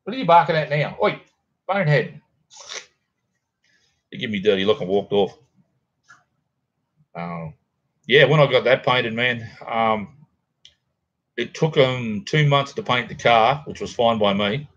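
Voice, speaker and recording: A man's voice: medium pitch, a little slow, long pauses, a bit bright, highs cut off. A middle-aged Australian man rambling casually to viewers while hosting a livestream from home. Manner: rambling, laid-back, chatty with viewers. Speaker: livestream host. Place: home, near a garage.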